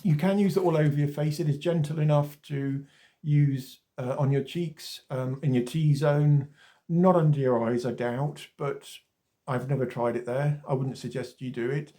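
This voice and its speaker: A man's voice: medium pitch, fairly even intonation, moderate pace, warm tone. A man, chatting casually to camera about skincare and often drifting off topic. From Wales. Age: 40s. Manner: chatty and rambling, wanders off topic, mild swearing. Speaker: skincare vlogger. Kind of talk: casual talking-to-camera demonstration.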